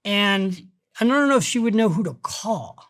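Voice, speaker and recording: A middle-aged man, a guest on a podcast interview, who talks about money in an emphatic, energetic way and tells stories as he goes. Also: sits high, normal speed, no echo, studio quality. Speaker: guest, financial author.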